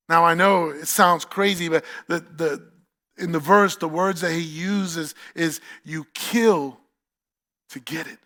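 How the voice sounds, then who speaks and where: Delivering a sermon with a New York accent, this pastor's voice sits high and sounds a bit bright. He speaks emphatically, repeats key phrases, and directs questions to the congregation.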